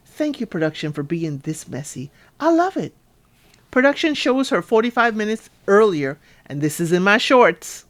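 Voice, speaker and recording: A woman's voice: medium pitch, sing-song, moderate pace. A woman, casually recapping a reality show and talking straight to her listeners in a chatty, sassy way. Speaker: podcast host reviewing a reality show.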